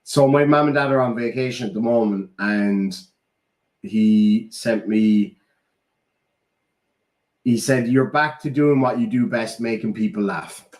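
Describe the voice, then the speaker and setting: A man's voice: medium pitch, unhurried, pauses often, a little mellow. A man with an Irish accent telling heartfelt stories in casual chat, swearing freely. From Ireland. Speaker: podcast co-host. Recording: roomy echo.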